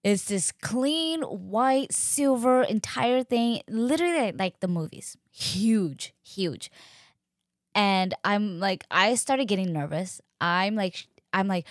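A young woman recounts a personal story in a loose, chatty way, full of "like" and "um." She jumps into quoted voices with lively energy. Her voice is mid-pitched and recorded close and dry, with no room sound. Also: slow pace, no room sound. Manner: animated, acts out quoted dialogue with many fillers. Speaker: podcast host. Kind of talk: casual storytelling.

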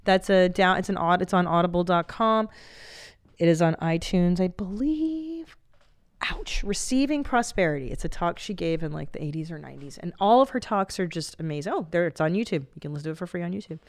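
Woman host, 40s, casual and crude, low and smooth, dry close sound. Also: expressive, dry recording. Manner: blunt, profane, quick reactions. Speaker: podcast host. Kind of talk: casual chat.

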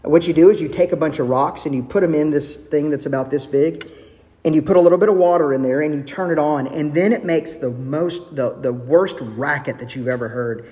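A man preaching a sermon as pastor, earnest, with shifts of pace and soft, hushed quoted lines. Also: on the high side, a little fast. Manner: earnest, varies pace, drops to soft intimate tones for quotes. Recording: long hall reverb.

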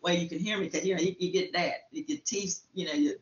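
Fast-talking woman telling a lively story. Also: lowish voice. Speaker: guest. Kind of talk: casual chat, telling an anecdote. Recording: roomy, slightly dull sound.

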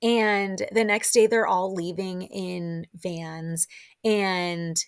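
Chatty woman podcast host, low voice. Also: extremely slow. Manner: chatty, full of "like" and excited asides. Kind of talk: casual solo recap podcast.

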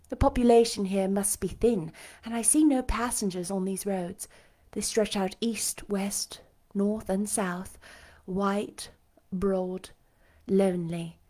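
Chatty woman reading a classic novel aloud. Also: medium pitch. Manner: chatty and self-mocking between chapters; measured, expressive reading of first-person narration. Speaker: audiobook reader.

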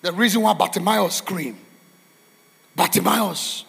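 Husky high-voiced preacher guy, shouty sing-song sermon, gravelly edge, echoey church hall. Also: unhurried. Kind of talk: fiery sermon.

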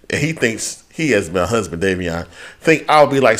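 Male podcast co-host, lively swinging pitch, cussing and ranting. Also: moderate pace. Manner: profane, animated ranting; quotes people in put-on voices. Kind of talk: casual chat.

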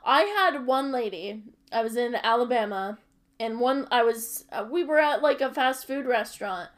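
A woman interviewing a guest in a casual, unhurried and hesitant way, with fillers. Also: on the high side, animated.

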